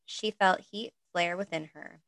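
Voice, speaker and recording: A woman's voice: on the low side, a little slow, a bit bright, no echo, rough recording. A woman reading a story aloud in a casual way, breaking off now and then for chatty asides of her own. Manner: reads narration with chatty asides and laughs. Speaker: reader.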